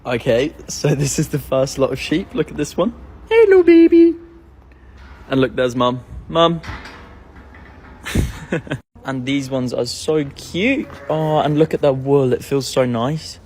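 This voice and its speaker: A man talking in a casual, excitable vlog style, filming himself on a phone at home and out at a farm. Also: normal speed, hardly any pauses. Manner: chatty and excitable, coos high at animals. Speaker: vlogger.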